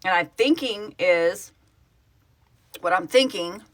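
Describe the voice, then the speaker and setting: Bright, gushing woman chatting live. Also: on the low side, takes it slowly. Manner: excitable and gushing, laughs often. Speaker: project founder hosting a live stream. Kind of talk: casual live-stream chat, answering comments.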